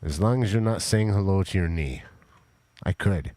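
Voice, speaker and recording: A low-voiced man chatting casually on his live stream from home, speaking in a flat, mostly monotone way. He rambles and restarts, reading out and answering viewers, and the close, dry sound gives no sense of room. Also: moderate pace, no echo. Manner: rambling, talks to chat, fillers and restarts.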